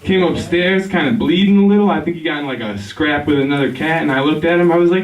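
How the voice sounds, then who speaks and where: A man's voice: on the high side, fast talker, hardly any pauses. Young male comic, giggly and laid-back, heard from a distance in an echoey room. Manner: laid-back, rambling, giggles at his own jokes. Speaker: stand-up comedian. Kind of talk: stand-up routine. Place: barber shop.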